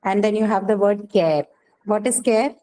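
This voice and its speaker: A woman's voice: mid-range voice, normal speed, warm tone, low-quality recording. A woman teaching a classroom lesson, asking questions and checking in with "right?" as she explains. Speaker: English teacher. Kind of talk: classroom lecture.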